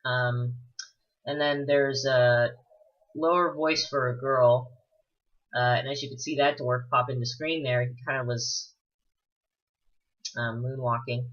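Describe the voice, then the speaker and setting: A man's voice: mid-range voice, fairly even intonation, slow, pauses often, a bit bright. A man giving rambling, casual let's-play commentary full of fillers and the odd swear word. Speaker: gameplay commentator. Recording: dull lo-fi recording.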